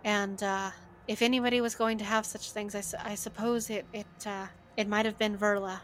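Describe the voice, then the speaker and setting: A woman voicing a kindly, worried very old village man who speaks slowly and hesitantly in a tabletop game. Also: mid-range voice, flat delivery, slight background noise, close to an everyday voice. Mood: concerned. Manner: slow, hesitant, polite.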